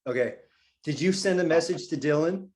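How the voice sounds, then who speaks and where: A man's voice: fairly high pitch, normal speed, darkish tone. A man hosting a casual video call, upbeat as he organizes guests before the show. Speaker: host.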